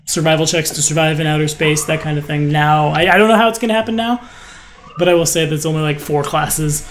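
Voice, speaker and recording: A man's voice: on the high side, fairly even intonation, fast, fairly bright tone, slight background noise. A man running a tabletop game as game master, rambling with wry asides.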